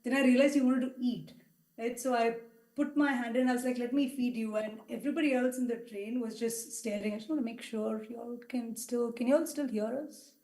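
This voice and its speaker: Woman, middle-aged, heartfelt testimony, halting storytelling, higher pitch, roomy hall echo. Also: fairly even intonation, warm tone. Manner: heartfelt storytelling with many fillers. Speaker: devotee giving a talk. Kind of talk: personal testimony talk. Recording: echoey hall sound.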